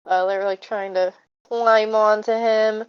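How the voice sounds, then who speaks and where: A woman's voice: medium pitch, fairly even intonation, takes it slowly, smooth. A woman narrating as game master of a tabletop game, hesitant with many fillers. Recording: dull lo-fi mic.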